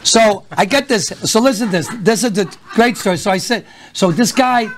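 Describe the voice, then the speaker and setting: Animated older man with a Boston accent, telling stories. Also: high voice, normal speed, a crowd in the background. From Boston area, USA. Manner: animated anecdotes with acted-out voices. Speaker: stand-up comedian guest. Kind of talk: storytelling on a talk show.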